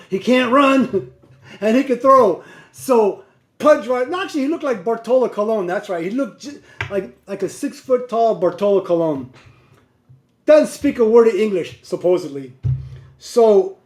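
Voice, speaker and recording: A man's voice: high voice, reverberant. A man who drives a truck tells a story casually and animatedly, laughing and wandering off on side tracks.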